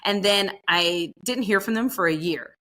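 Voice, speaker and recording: A woman who is a barbecue pitmaster, telling stories in a casual, lively way in a podcast interview and acting out the voices of others. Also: mid-range voice, normal speed. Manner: lively storyteller, acts out quoted voices; casual, fillers like "like" and "you know".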